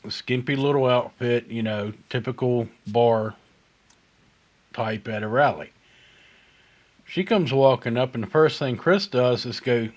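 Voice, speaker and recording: A man's voice: mid-range voice, measured pace, pauses often. A man hosting a casual online hangout, telling stories between laughs and swearing freely over a video call. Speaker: host. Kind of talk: casual chat, storytelling.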